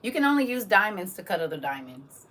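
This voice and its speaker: A woman hosting a live stream and preaching casually, animated and teasing as she talks straight to her audience. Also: medium pitch, a little fast, distant mic. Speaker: livestream host preaching.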